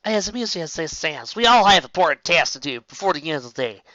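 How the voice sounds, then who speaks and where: A woman voicing an indignant, commanding adult mare who talks loudly, recorded on a dull lo-fi home setup. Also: deep voice, very animated, fast talker, no room sound, pitched above the performer's own voice, heavily acted. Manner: loud, commanding.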